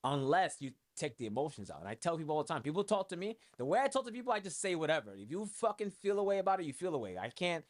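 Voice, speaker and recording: On the high side and very animated, the New York music producer talks fast with few pauses, his New York accent coming through as he hosts his own podcast in a loose, profane, filler-heavy ramble.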